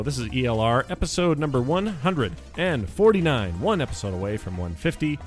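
A man's voice: medium pitch, sing-song, quick pace, few pauses, soft background music. Man hosting a jokey podcast. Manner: jokey, playful banter. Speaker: podcast host. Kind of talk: casual chat.

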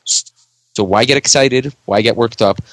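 A man's voice: medium pitch, measured pace, fairly bright tone, no room sound. A man co-hosting a casual podcast, teasing and contrarian, laughing often. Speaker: podcast co-host. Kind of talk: casual chat.

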